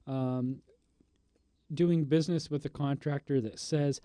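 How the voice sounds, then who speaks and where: A man, a paralegal guest on a radio show, giving measured advice with some fillers. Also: medium pitch, fairly even intonation, mellow, no echo. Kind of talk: casual radio interview.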